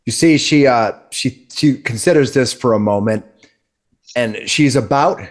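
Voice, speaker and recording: Halting game master full of restarts. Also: male voice, medium pitch. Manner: halting, many repeated restarts. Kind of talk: narrating a tabletop game.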